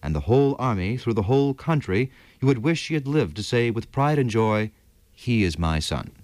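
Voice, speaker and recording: A man's voice: medium pitch, expressive, moderate pace, a little mellow, no room sound, natural voice. A man reading aloud, voicing a young army captain who speaks with grave, earnest reproach. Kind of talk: audiobook character reading.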